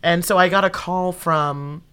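Bright, lively young woman comedian. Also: fairly low pitch, a little slow, smooth. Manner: animated storyteller who acts out quoted dialogue. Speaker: improv comedian and actor, interview guest. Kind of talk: casual interview storytelling.

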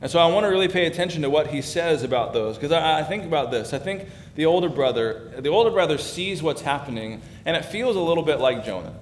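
A man's voice: lively intonation, fast, few pauses. A man giving a sermon as pastor, talking conversationally and building in emphasis. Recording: echoey hall with faint background rumble.

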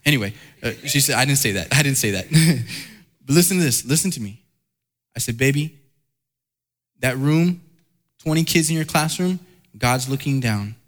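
Male pastor, mid-range voice, earnest emphatic sermon delivery built on repetition. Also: medium pitch. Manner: earnest, repetitive emphatic preaching with personal stories.

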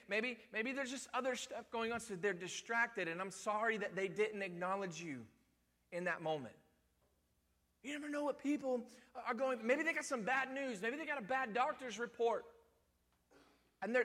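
A man's voice: very high voice, pushed and bright, long reverb tail. A man, a pastor preaching a sermon in a conversational, folksy way that repeats its points. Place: church sanctuary.

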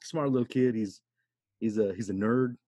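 Husky-voiced man telling laid-back stories. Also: on the low side, moderate pace, dark tone, dry recording. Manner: laid-back storytelling, swearing, lots of "dude". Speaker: podcast host. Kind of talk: casual chat.

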